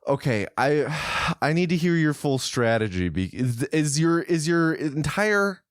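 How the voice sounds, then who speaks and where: A man's voice: fairly high pitch, sing-song, unhurried, no echo, clean studio sound. A man co-hosting a casual movie podcast, skeptically questioning his co-host. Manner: skeptical, questioning, laughs often.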